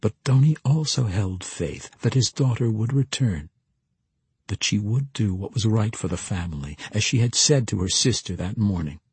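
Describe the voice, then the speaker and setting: A man reads a fantasy story aloud in a steady, measured voice. His tone is low and strongly husky. The recording is dry and close, with no room sound. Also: no echo. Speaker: narrator. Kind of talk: audiobook narration.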